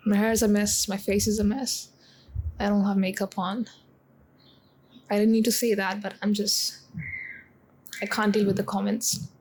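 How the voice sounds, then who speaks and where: A woman in her twenties talking in a confessional vlog, halting with many pauses and close to tears. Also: medium pitch, level tone, a little mellow, slight background noise, low-quality recording. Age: 20s. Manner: halting, full of pauses and restarts. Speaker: vlogger.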